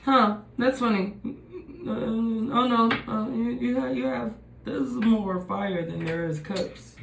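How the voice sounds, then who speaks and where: Slow, musing woman in an echoey room. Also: on the high side, creaky, background noise. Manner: musing, thinks aloud while reading cards. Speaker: tarot reader. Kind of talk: casual tarot reading.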